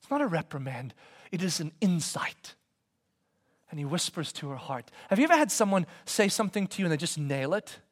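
A man giving a conversational sermon as a pastor, swinging from loud emphasis to soft whispers and asking his listeners questions. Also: a little high, very animated, brisk. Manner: conversational, asks the congregation questions.

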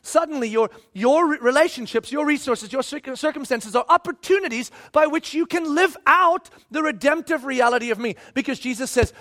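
A man's voice: very high-pitched, fairly quick, few pauses, pushed and bright. A middle-aged male pastor preaching a sermon, emphatic and repeating himself as he acts out quotes.

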